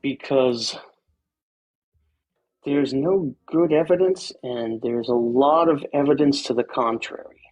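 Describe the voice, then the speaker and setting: A man in his fifties from Boston, calling in to a live show and answering in a hesitant, halting way. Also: mid-range voice, darkish tone. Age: 50s. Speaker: caller.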